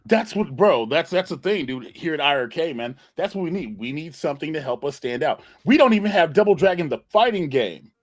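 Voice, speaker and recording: A man's voice: a little high, lively intonation, brisk, few pauses, no room sound. Slangy joking man on a podcast. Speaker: podcast co-host. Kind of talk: casual gaming podcast chat.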